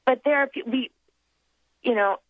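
Speaking at a normal pace in a high voice, a woman who performs accents is interviewed casually by phone, and the line sounds tinny and dry. Her talk is reflective and chatty, with lots of laughter, fillers, and restarted sentences as she thinks aloud.

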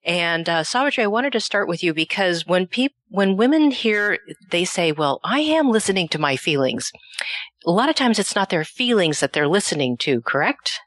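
A woman host with a lowish voice talks in a chatty, personal way. The sound is dry and close, with no room echo. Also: lively intonation, normal speed, fairly bright tone. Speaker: talk show host. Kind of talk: casual talk show chat.

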